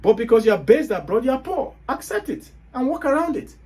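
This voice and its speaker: A man's voice: extremely high pitch, sing-song, brisk, a little mellow. A Nigerian man with a Nigerian accent, hosting a motivational monologue and hammering his points home with rhetorical questions. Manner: emphatic, hectoring, rhetorical questions. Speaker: host.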